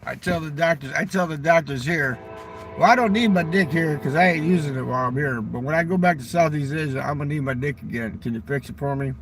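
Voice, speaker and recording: A man's voice: on the high side, fast, fairly bright tone, faint music behind. A man telling crude stories in a rambling, profane casual monologue, outdoors near a railroad crossing. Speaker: vlogger.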